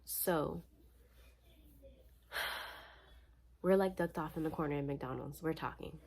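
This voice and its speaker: A young woman from Florida, tired, telling a personal story in a casual, animated, slangy way. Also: deep voice, slow, vocal fry. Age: young adult. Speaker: vlogger.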